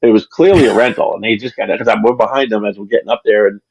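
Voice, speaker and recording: A man's voice: lowish voice, steady tone, very fast, darkish tone, husky, no room sound, rough recording. A man being interviewed about his channel, chatting casually on a livestream and telling long, rambling stories with many restarts. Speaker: channel creator, interview guest.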